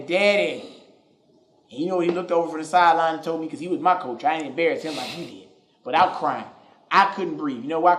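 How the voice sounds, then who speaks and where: Profane, animated male storyteller. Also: medium pitch. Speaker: podcast host. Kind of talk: comedic storytelling. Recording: echoey room.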